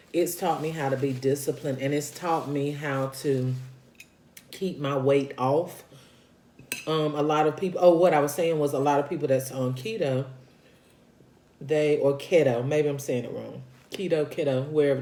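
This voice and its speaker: In an echoey room, a woman vlogger eats on camera while describing her weight-loss journey. Her voice is low-pitched and dark, and she keeps the chat casual and folksy, talking between bites and returning to repeat what she's said.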